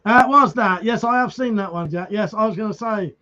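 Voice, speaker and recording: A man's voice: sits high, fairly quick, pushed and bright, slight background noise. A man chatting casually with viewers on a live stream, reading comments, greeting them by name and swearing freely. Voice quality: swears freely, restarts words. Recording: dull lo-fi stream audio.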